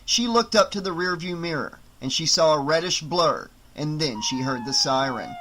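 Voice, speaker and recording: A man narrating a horror novel as an audiobook in a slow, expressive reading. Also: on the high side, noisy background.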